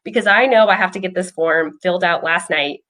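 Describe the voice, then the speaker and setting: Woman telling a story in a low voice. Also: fairly quick, a bit bright. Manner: conversational storytelling, frequent ums. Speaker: behavioral health clinician. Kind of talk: casual explanatory chat.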